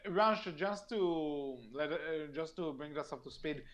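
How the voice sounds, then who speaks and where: A man co-hosting a podcast over an online voice call, talking casually with frequent laughs, fillers and restarts. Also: a little high. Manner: giggly, halting, lots of fillers and restarts. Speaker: podcast co-host. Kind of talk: casual chat.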